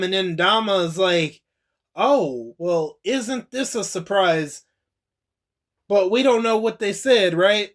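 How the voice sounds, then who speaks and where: Brief: high-pitched young male reviewer, slow loose delivery, laughs and curses through a show recap. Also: fairly bright tone. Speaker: TV episode reviewer. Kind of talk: casual spoken recap.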